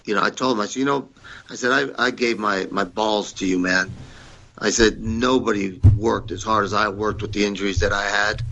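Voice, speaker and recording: A man's voice: fairly low pitch, fairly even intonation, moderate pace, a bit bright, dull audio. A man telling blunt, profane stories as a podcast guest, acting out the people he quotes in a raised voice. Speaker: podcast guest, former wrestler. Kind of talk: casual interview storytelling.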